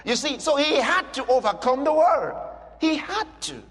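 A man preaching a sermon with emphatic, repetitive declarations that rise to shouting. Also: extremely high pitch, very animated, a little slow. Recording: long hall reverb with faint music.

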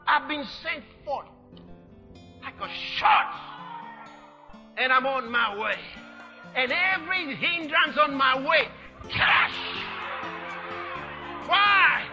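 High voiced preacher guy, slow and shouty, muffled old sermon tape. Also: lively intonation, long reverb tail, soft background music. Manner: shouting, repetitive exhortation. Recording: dull lo-fi sermon recording.

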